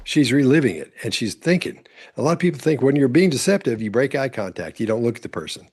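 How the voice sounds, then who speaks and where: A man commenting on courtroom testimony, explaining calmly step by step. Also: medium pitch, quick pace, slight background noise. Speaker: body-language commentator.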